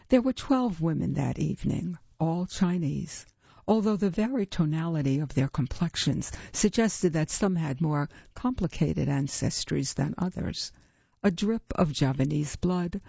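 A woman reads a story aloud, slow and measured, her voice gravelly and husky with a mellow, dark tone. The recording is dry and close but dull and lo-fi. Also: sits low, no echo. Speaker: narrator. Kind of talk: audiobook reading.

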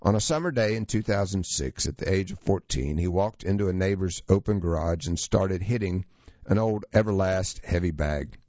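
A man reading a true story aloud as scripted narration, steady and measured. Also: deep voice, no echo, muffled recording.

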